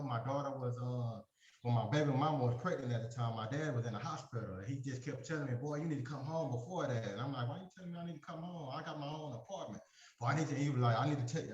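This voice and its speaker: In a reverberant space with dull audio, a mid-range male voice recounts a lengthy personal story to his support group. He wanders through it, leaning heavily on fillers, and performs the dialogue he recalls as he goes.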